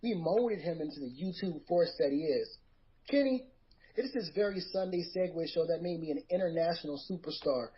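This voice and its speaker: A man's voice: fairly high pitch, lively intonation, fairly quick. A man as a podcast guest delivering a theatrical, boastful wrestling-style promo over a muffled online call.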